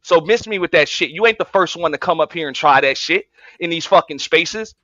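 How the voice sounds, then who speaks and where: A man's voice: fairly high pitch, brisk, bright, forceful tone, no echo, soft background music. A man on an online panel, taunting in a profane, combative way, with a slightly muffled sound. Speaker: panel participant. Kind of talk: heated online debate. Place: online audio space.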